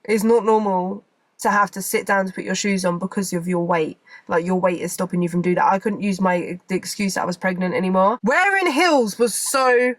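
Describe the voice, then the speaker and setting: A woman's voice: medium pitch, brisk, dry recording. A young woman, chatting casually to camera as a vlogger, rambling and repeating herself.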